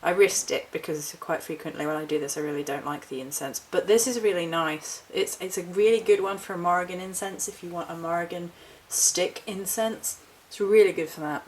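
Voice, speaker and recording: Chatty woman with a lowish voice. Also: steady tone, a little fast, hardly any pauses, slight background noise, low-quality recording. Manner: chatty, rambling, self-correcting. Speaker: witchcraft vlogger. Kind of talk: casual haul vlog.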